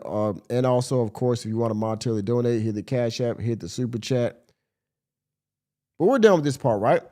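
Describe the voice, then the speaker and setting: A man hosting a livestream podcast, reacting to clips in a blunt, exasperated way and swearing freely. His voice sits mid-range with a dark, mellow tone. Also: medium pitch. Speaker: podcast host.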